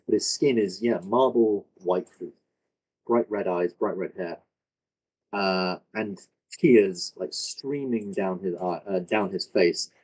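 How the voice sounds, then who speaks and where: A man running a tabletop game, describing the scene at an easy, slow pace. His voice sits low. He fills gaps with "uh" and "like" and rephrases as he goes. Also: darkish tone, rough recording. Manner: descriptive, many fillers and self-corrections. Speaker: game master. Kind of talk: improvised tabletop narration.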